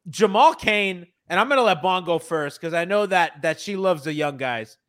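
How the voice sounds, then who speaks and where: A man hosts a casual sports podcast over a video call, his voice bright and a touch high. He laughs often and reads viewer chat aloud in an excitable, rambling way. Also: moderate pace. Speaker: podcast host.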